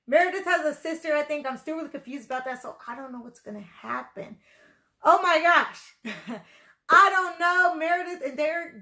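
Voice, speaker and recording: Woman reacting to a tv show, kinda high voice, rambly and chatty, lots of "like". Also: sharp tone. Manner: chatty, rambling, full of "like" and "you know". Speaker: video reactor. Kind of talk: casual reaction commentary.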